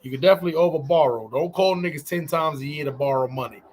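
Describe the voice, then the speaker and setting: Laid-back male podcast host, slightly high voice. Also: quick pace, darkish tone, slight background noise. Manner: loose and conversational, fills with "you know what I'm saying". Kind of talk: casual chat.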